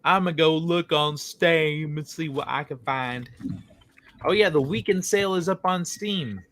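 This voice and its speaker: A man's voice: on the high side, a little slow, fairly bright tone. Teasing man hosting a gaming chat. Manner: joking, teasing, laughs often. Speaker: host. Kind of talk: casual chat.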